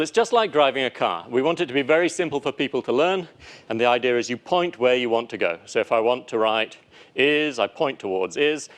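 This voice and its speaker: Man giving a playful live tech demo. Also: on the low side. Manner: lively, playful, with animated asides. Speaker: lecturer. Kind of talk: live technical talk with demo.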